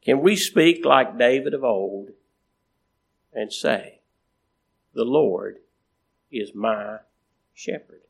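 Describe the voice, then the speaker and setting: A man preaching a sermon in a slow, repetitive cadence, with emphatic rises and phrase endings that trail off quietly. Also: mid-range voice, creaky, slightly rough.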